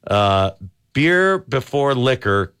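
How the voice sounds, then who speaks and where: Male radio host, lively pitch, jokey, reads listener jokes and trivia with quick asides. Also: clear, resonant tone. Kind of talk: casual radio call-in chat.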